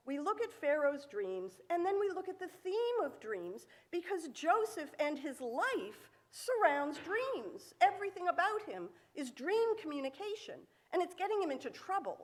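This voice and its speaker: Woman preaching, high voice that swoops around a lot, acts out the story, echo from a big hall. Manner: animated storytelling, acting out quotes, rhetorical questions. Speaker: sermon speaker. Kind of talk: sermon. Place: synagogue sanctuary. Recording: echoey hall.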